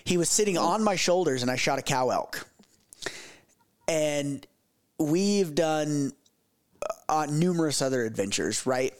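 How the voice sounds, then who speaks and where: A man in his thirties chatting casually, halting, with many restarts and repeated words. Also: a little high, lively intonation. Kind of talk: casual chat.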